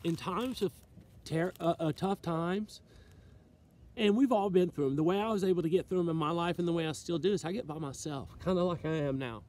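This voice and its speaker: A man preaching an emotional motivational sermon to the camera on his own outdoors, earnest and preachy, reading scripture slowly. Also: on the high side, a little mellow. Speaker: self-styled preacher. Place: outdoors near trees, alone.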